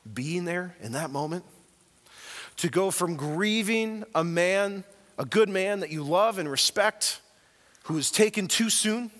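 Bright-voiced preacher in a reverberant hall. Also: male voice, high-pitched. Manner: earnest, emphatic storytelling with swings in volume. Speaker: pastor. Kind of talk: sermon.

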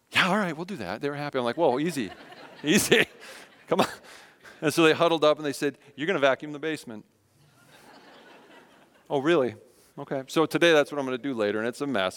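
A man's voice: mid-range voice, fairly bright tone. A man in his thirties preaching a sermon to his church, earnest and conversational, telling personal family stories. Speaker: pastor. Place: church sanctuary. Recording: long reverb in a church hall.

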